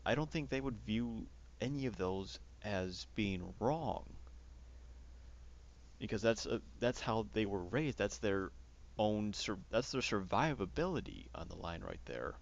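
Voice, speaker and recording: Man host, low gravelly voice, rambling casual musings. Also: very animated, muffled recording. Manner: rambling, halting restarts. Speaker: podcast host. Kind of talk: casual philosophical chat.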